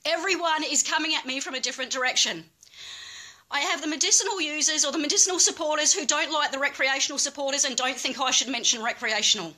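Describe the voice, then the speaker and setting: A woman's voice: sits high, fast, pushed and bright. A woman speaking as a cannabis activist, making an angry, emphatic plea and repeating her points with swearing. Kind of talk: impassioned plea.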